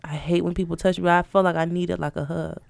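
A woman's voice: fairly low pitch, fast, creaky, no echo, clean studio sound. A woman co-hosting a podcast, telling stories with big laughs. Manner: animated storytelling with big laughs. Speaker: podcast co-host. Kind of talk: casual chat.

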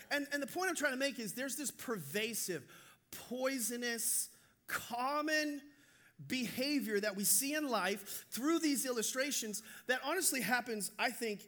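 A male pastor preaching a sermon, telling stories in an animated, joking way. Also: very high voice.

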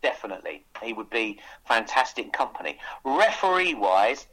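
A man's voice: mid-range voice, big pitch swings, normal speed, fairly bright tone, rough recording. A man chatting as a guest on a radio show, his mid-range voice rising and falling as he tells stories. He restarts his sentences often and pushes ahead with eager enthusiasm. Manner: enthusiastic storyteller with frequent restarts. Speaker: author guest. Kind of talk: casual radio interview chat.

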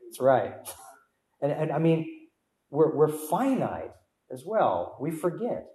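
A man's voice: a little high, sing-song, slow pace, dark tone, reverberant, low-quality recording. A young adult man preaching a sermon as a guest preacher, asking the congregation rhetorical questions and repeating key words for emphasis. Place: church.

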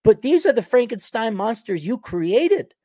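A man's voice: high voice, very animated, a little slow, warm tone, dry recording, studio quality. Sarcastic rambling male podcast host. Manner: rambling, sarcastic, with frequent restarts and chuckles. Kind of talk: opinionated solo podcast monologue.

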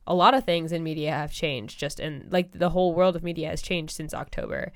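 A young woman co-hosting a student podcast, talking in a quick, upbeat, animated way. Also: low voice, dry recording, studio quality. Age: young adult. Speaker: podcast co-host and editor. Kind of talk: casual podcast chat.

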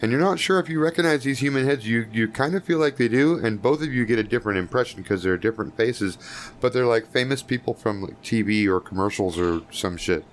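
A man's voice: mid-range voice, fairly quick, slight background noise. A man narrating as game master in a tabletop game, in a loose, profane, chuckling way.

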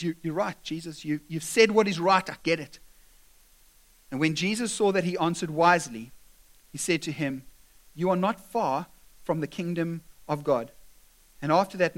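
A man preaching a sermon, lively and animated, acting out quotes from scripture and from his listeners. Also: on the high side. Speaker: pastor.

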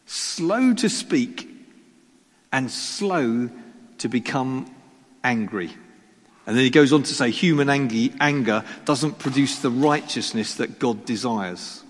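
A man's voice: mid-range voice, slow pace. A man preaching a sermon in church, joking at his own expense and asking the congregation rhetorical questions. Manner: self-deprecating humor, rhetorical questions. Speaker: pastor. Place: church hall. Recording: reverberant church hall.

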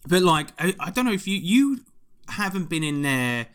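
A man's voice: high voice, big pitch swings, moderate pace, a bit bright, clear, resonant tone. A man, ranting animatedly and swearing often in a casual chat. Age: 20s.

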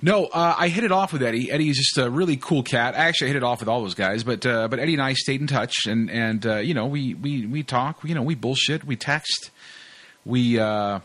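A man's voice: mid-range voice, a little fast, a bit bright. A man hosting a podcast in casual chat, rambling and laid-back, with lots of fillers. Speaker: podcast host.

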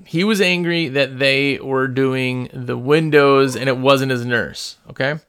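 A man who runs a small business, telling stories in a casual, rambling, animated way with lots of fillers and restarts. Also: mid-range voice, unhurried, smooth. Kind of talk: casual storytelling.

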